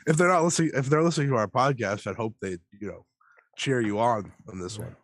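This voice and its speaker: A man's voice: mid-range voice, fast talker, no echo. A man co-hosting a podcast who is sick, making dry, teasing quips in casual chat. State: sick, coughing. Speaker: podcast co-host.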